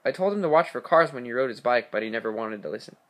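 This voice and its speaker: A man reading the part of a frightened mother who calls the police while hiding in the dark. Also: medium pitch, animated, fast, natural voice. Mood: grieving. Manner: pleading, breathless phone caller.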